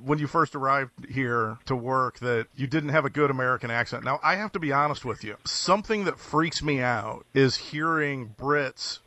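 A man's voice: medium pitch, normal speed, hardly any pauses, sharp tone, dry recording, dull audio. A man hosting an interview, asking long, eager, winding questions. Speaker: interviewer host. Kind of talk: casual interview.

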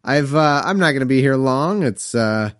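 Man putting on a casual modern Jesus, rambling, self-justifying, lively swings in pitch. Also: normal speed, no echo, studio quality, lightly acted. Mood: pleading. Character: laid-back adult male Jesus, casual and pleading.

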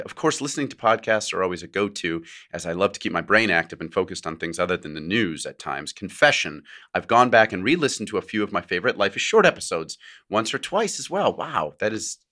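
A man's voice: fairly low pitch, animated, fast talker, bright, forceful tone. A man co-hosting a podcast, chatting casually and reading a listener's letter aloud with joking asides and frequent laughs. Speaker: podcast co-host.

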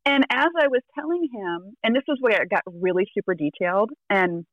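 A woman's voice: mid-range voice, a little fast, dry recording, lo-fi sound. A woman tarot reader telling a story in casual chat, acting out the quotes and laughing often.

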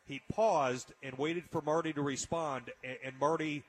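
A man's voice: fairly high pitch, steady tone, normal speed. A man hosting a casual radio talk show, telling an emotional story with frequent restarts. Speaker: radio host.

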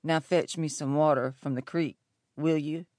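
A woman reading an audiobook, voicing a gruff, sarcastic male camp cook in a lower, grumbling voice. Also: steady tone, measured pace, a little mellow, dry recording, studio quality.

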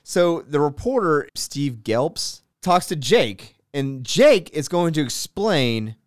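Lively animated podcast man. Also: on the high side, takes it slowly, no room sound, studio quality. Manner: animated storyteller, laughs easily. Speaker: podcast co-host. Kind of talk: casual chat.

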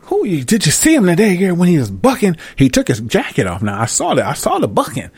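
A man's voice: fairly high pitch, wildly swooping pitch, fast, breathy edge, no room sound, pitched above the performer's own voice, exaggerated voice. A man voicing a gossiping churchgoing woman who is nosy and flirty, in a raised, giggly tone. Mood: gossipy.

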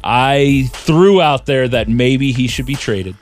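A man co-hosting a podcast in casual sports chat, talking in halting bursts with restarts. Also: mid-range voice, over music.

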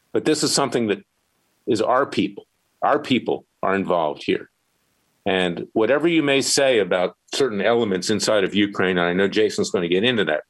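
Deep-voiced combative male radio host. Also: rough recording. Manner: combative, emphatic. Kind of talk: opinionated talk radio monologue.

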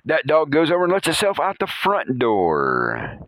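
A man's voice: fairly high pitch, huge pitch swings, moderate pace, a bit bright, no echo. A man hosting a podcast, telling rambling animal anecdotes in a casual way and chuckling often. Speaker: podcast host.

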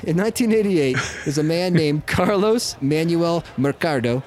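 A man's voice: on the high side, normal speed. A man hosting a podcast, telling a story to his co-hosts in casual chat; he rambles, corrects himself and laughs often. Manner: excitable. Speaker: podcast host.

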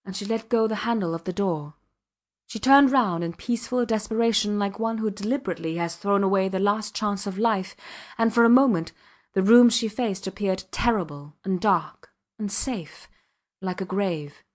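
Her voice sits at a medium pitch as she narrates a classic novel for an audiobook. The reading is scripted, measured, and even throughout.

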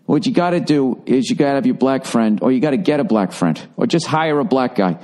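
Brisk and lively in intonation, this medium-pitched, slightly mellow male voice belongs to a middle-aged comedian and podcast host. He wanders through a crude, funny anecdote on his show, mocking himself throughout.

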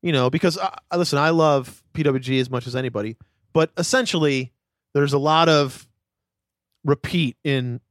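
A man's voice: fairly high pitch, moderate pace, no echo, clean studio sound. A man co-hosting a casual podcast chat who gives emphatic, opinionated takes and swears casually. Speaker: podcast co-host.

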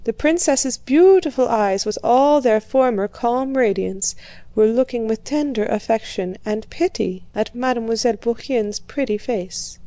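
A woman narrating a classic novel aloud in a measured, calm storytelling manner. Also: a little high, no room sound. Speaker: audiobook reader. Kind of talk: scripted narration.

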